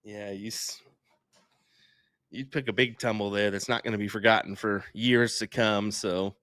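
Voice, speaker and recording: A male darts co-commentator recorded close and dry, with no room sound. He talks in a relaxed, easygoing way and turns to the viewers to promote the live stream. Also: fairly low pitch, normal speed, dry recording. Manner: laid-back, plugs the stream to viewers.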